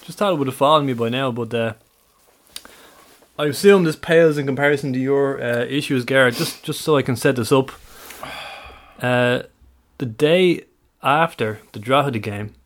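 A man's voice: mid-range voice, normal speed. A man co-hosting a podcast, teasing his friend and laughing as he sets up the story. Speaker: podcast co-host. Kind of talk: casual chat, setting up stories.

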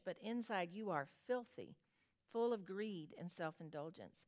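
A woman's voice: mid-range voice, lively intonation, normal speed. A woman in her forties with a Southern accent, teaching a Bible study in a conversational way, reading scripture aloud and chatting with her listeners. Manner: reads scripture aloud, then chats with the audience in a homey way.

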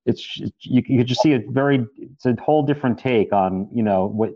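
A man's voice: medium pitch, fairly quick, no echo, dull audio. A man, an actor, chatting casually in an interview, rambling with many restarts and fillers.

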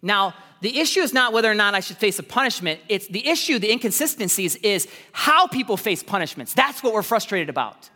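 A man with a high, bright voice preaching a sermon, leaping up in pitch and acting out little asides as he goes. His words carry a long reverb from a big church hall. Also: a little fast, hardly any pauses. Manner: animated preaching with sudden pitch jumps and acted asides. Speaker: pastor.

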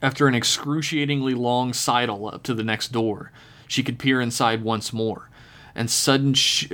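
A man reading a dark horror story aloud in a steady, measured narration. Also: mid-range voice. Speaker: podcast storyteller.

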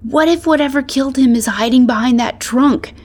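A woman voicing a nervous young female wolf who asks worried, hushed questions in a storybook reading. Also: high-pitched, brisk, pitched above the performer's own voice.

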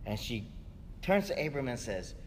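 This sermon comes from a man whose medium-pitched voice swings widely in pitch at a normal speed. As pastor, he talks conversationally and constantly checks in with "right?" A little hiss or hum sits under the recording, made in an echoey hall with faint ambience.

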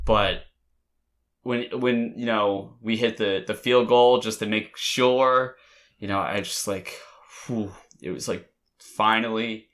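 A man's voice: on the low side, steady tone, slow, a bit bright. A man in casual conversation, telling an emotional, rambling story with many restarts. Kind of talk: casual chat.

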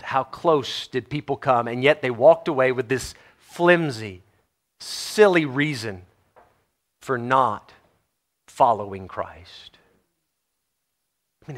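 A man preaching a sermon in a Texan American accent, moving from quiet, low passages to loud, animated ones. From Texas. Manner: animated, swings from quiet to loud and laughs often.

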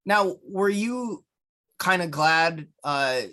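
A man's voice: sits high, lively intonation, very slow, bright, forceful tone. A man hosting a casual chat, asking teasing, playful questions. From New Jersey.

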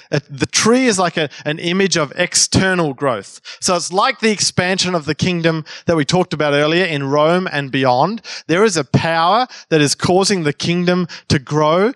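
A man's voice: a little high, fairly bright tone, dry recording. A man preaching a sermon in a conversational way, prompting the congregation and often restarting his sentences.

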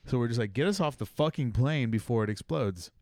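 A man's voice: mid-range voice, animated, fairly quick, darkish tone, no room sound, clean studio sound. A man in casual conversation, telling a long anecdote in a laid-back way with frequent swearing. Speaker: podcast guest. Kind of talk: casual storytelling.

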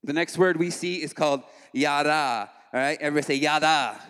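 A young man giving a casual, animated youth sermon as a worship leader, conversational and full of slangy asides. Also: on the high side, fairly quick, clear, resonant tone. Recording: long hall reverb.

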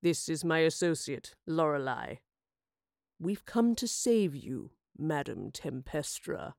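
A woman voicing a tall, scarred man who speaks in a slow, amused purr in an audio drama. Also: sits low, sing-song, creaky, a little mellow, dry recording, studio quality, pitched below the performer's own voice, full character voice. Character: tall scarred man, deep purring, mocking.

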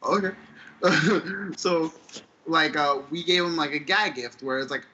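Rambling man, bright voice, lo-fi sound. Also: fairly high pitch, measured pace, husky. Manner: loose, rambling, full of fillers. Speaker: podcast co-host. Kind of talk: casual chat. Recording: dull lo-fi audio with faint room ambience.

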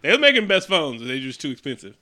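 A man recapping a movie in casual, profane chat, acting out the characters in quick quotes. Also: on the high side, sing-song, pushed and bright. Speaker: co-host.

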